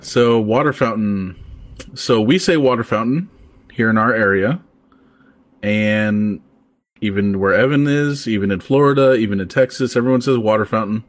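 A man hosting a casual podcast chat, talking in a relaxed, rambling way with plenty of fillers. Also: on the low side, normal speed, dry recording. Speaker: podcast host.

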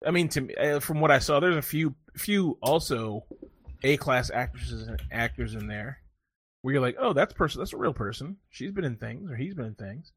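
A man's voice: medium pitch, moderate pace, husky. A man co-hosting a casual podcast chat, joking and rambling through a story. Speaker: podcast co-host.

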